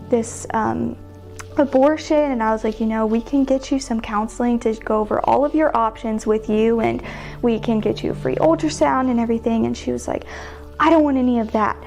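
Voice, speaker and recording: Young female guest, slightly high voice, casual rambling storyteller. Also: normal speed, vocal fry, darkish tone, soft background music. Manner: chatty, heavy use of "like" fillers. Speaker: sidewalk counselor guest.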